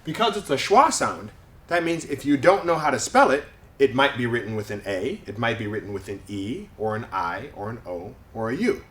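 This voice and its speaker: Lively male pronunciation teacher, roomy sound. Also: medium pitch, normal speed. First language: English. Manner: clear, exaggerated word demonstrations. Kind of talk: pronunciation lesson.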